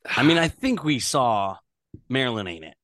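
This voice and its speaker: Male podcast co-host, animated pitch, dry close mic, casual stats talk. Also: moderate pace, dry recording. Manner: conversational, stats-heavy, many fillers. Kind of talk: casual sports podcast chat.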